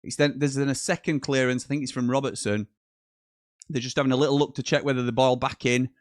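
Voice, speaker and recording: A man with a mid-range voice talks fast as he hosts a live football watchalong, chatting and reading viewer messages aloud between commentary. He's excitable at goals, and the clean studio sound has no room sound.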